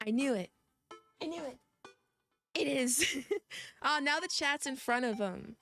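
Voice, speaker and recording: A young woman streams a dating game in casual let's-play chat, giggling, rambling, and teasing herself, and she is coughing. Her high-pitched, fairly bright voice is expressive and slow, with long pauses, and faint music plays behind her.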